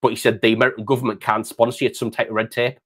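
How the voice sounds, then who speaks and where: A man's voice: medium pitch, little pitch movement, racing, fairly bright tone, husky. A middle-aged man from the United Kingdom, hosting a casual chat and saying mate often. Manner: chatty, says mate often. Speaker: host.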